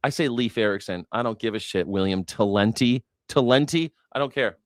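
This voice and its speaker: A man's voice: fairly low pitch, brisk, no room sound, clean studio sound. An American man hosting a news reaction livestream, talking in a sarcastic, mocking way and swearing freely. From United States. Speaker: news reaction show host. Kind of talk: profane livestream commentary.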